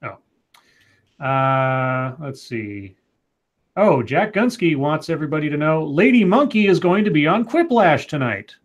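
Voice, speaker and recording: A man in his forties co-hosting a casual livestream, reading viewer comments aloud with halting, stammering restarts. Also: on the high side, big pitch swings. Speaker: co-host.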